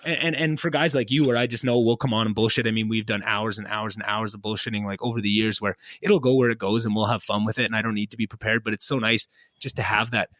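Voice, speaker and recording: A man's voice: lowish voice, fairly even intonation, quick pace, fairly bright tone, no room sound. A young man hosting a podcast, chatting casually and rambling with many restarts and self-deprecating asides. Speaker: podcast host. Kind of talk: casual chat. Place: home basement. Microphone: podcast mic.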